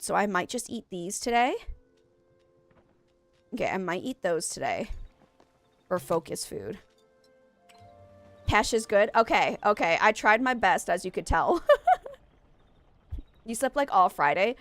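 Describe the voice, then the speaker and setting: Soft music plays under this casual live-stream chat, where a young woman with a stuffy nose talks to viewers while gaming. Her mid-range voice has lively intonation and moves a little slowly with long pauses, and she rambles and keeps correcting herself.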